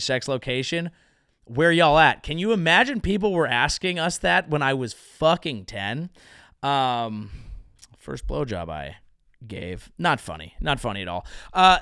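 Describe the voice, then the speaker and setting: A man's voice: medium pitch, fairly bright tone, clean tone, no echo, clean studio sound. A young adult man hosting his own comedy show, riffing in a profane, sarcastic monologue. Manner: profane, rambling, sarcastic, slips into silly voices. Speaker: podcast host and comedian.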